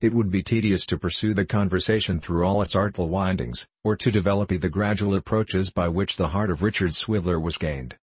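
Deep husky male narrator. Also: a little fast, hardly any pauses, no echo. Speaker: audiobook narrator. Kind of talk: scripted narration of a classic novel.

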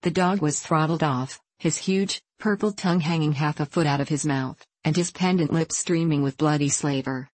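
A woman with a notably low voice reads a classic novel aloud in a measured, unhurried storytelling manner. The sound is close and dry, with no room around it. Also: darkish tone, no echo, low-quality recording. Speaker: audiobook narrator. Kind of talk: scripted narration.

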